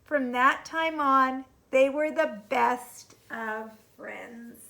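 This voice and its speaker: A woman reading a children's storybook aloud in a gentle, expressive way, chuckling along. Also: high-pitched, drawn-out words, creaky.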